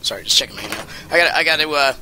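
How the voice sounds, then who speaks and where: Bright-voiced man rambling over gameplay. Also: medium pitch, rapid-fire, soft background music. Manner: rambling, jokey, excitable outbursts. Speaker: let's play commentator. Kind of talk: casual gameplay commentary.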